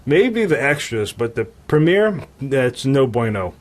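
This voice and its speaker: A man's voice: medium pitch, sing-song, measured pace. A man co-hosting a podcast in casual chat, laid-back and profane. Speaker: podcast co-host.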